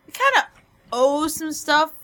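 A woman playing her character in a tabletop game, gushing and animated. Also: high voice, unhurried, a little hiss or hum. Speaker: player. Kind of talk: in-character tabletop role-play.

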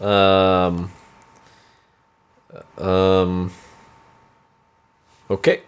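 A man playing a tabletop game, playful and quick to laugh in casual banter. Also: sits low, completely flat delivery, clean tone. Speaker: player.

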